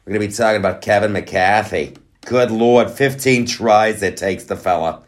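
A man hosting his own podcast in a casual, playful monologue, drifting onto tangents and joking between loud bursts and quiet asides. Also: fairly low pitch, moderate pace. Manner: playful, rambling, goes off on tangents. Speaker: podcast host.

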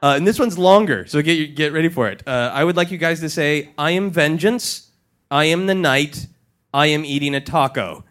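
A high-pitched man emceeing a comedy show in front of a live crowd. He talks playfully, laughs at his own jokes and riffs with the audience as he introduces guests. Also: normal speed, fairly bright tone. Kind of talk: live stage hosting. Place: stage before a live audience.

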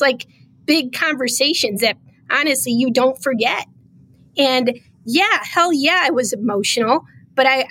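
A woman's voice: high voice, husky. A woman guest on a podcast, emotional as she tells a story in conversation and acts out the quoted lines. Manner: animated, acts out quoted dialogue. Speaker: podcast guest, state official.

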